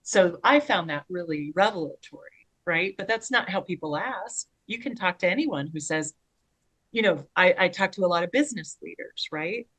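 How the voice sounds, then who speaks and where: A woman co-hosting a podcast, telling long rambling stories in casual conversation with animated asides. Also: lowish voice, moderate pace, husky, low-quality recording. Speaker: podcast co-host.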